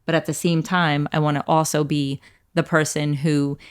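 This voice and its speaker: A woman's voice: deep voice, level tone, moderate pace, clear, resonant tone. A woman co-hosting a faith podcast, speaking in an earnest, reflective way and often affirming the others. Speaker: podcast co-host. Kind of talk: casual faith discussion.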